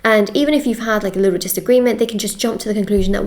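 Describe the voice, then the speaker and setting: A woman's voice: mid-range voice, steady tone, rapid-fire, few pauses, darkish tone. Chatty woman giving a tarot reading. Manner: chatty, repeats phrases, checks in with "okay?". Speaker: tarot reader. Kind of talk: casual tarot reading to camera.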